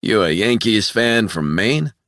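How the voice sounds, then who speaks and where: A man plays a red-faced, burly former cop in an audiobook. He swears hard and keeps his voice raised and heated. The sound is bright, close and dry. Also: fairly low pitch, expressive, a little slow, no echo, pitched above the performer's own voice. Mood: worked up.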